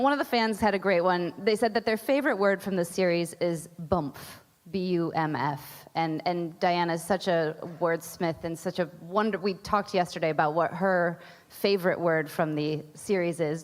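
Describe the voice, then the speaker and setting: A woman moderating a live panel, chatty and laughing often. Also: fairly low pitch. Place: large event hall. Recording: reverberant hall on a PA.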